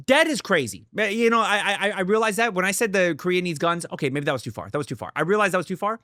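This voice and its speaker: A man's voice: high-pitched, lively intonation, fast talker, hardly any pauses, sharp tone, dry recording, clean studio sound. Profane, fired-up young man reacting. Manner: profane, blunt and worked up, swearing often. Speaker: reaction channel host. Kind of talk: casual reaction commentary.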